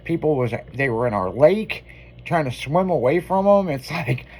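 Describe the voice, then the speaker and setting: A man's voice: fairly high pitch, lively intonation, moderate pace, a little mellow. A man hosting a radio show, telling a long story in casual, profanity-laden on-air banter.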